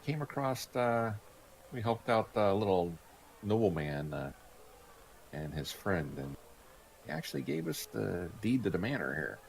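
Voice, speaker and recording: Easygoing man at a tabletop game, low gravelly voice that jumps around, faint room noise. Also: very animated, unhurried, long pauses. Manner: easygoing, laughs often. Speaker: player. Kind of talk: in-character tabletop role-play.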